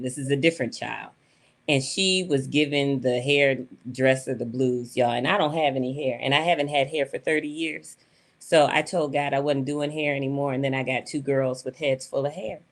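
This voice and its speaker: A woman telling personal stories in an animated, folksy way, often laughing as she talks. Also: rumbling low, normal speed. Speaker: panel speaker. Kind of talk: personal storytelling.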